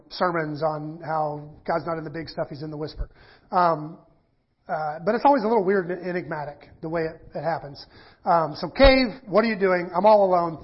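Husky high-voiced man preaching. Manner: conversational with fillers and restarts, reads scripture aloud. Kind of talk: sermon teaching. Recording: dull lo-fi sermon recording.

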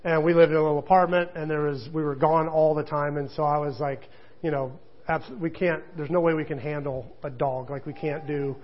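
A man's voice: on the high side, level tone, brisk, highs cut off. A middle-aged man preaching a sermon in a chatty, joking storytelling manner. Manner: conversational, self-deprecating storytelling with laughter. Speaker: pastor.

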